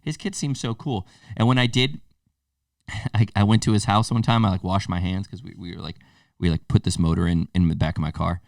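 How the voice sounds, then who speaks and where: A man's voice: low-pitched, fairly even intonation, a little fast, creaky, no echo, studio quality, recorded from a distance. A man co-hosting a podcast, telling stories in casual chat and laughing through them. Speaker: podcast co-host.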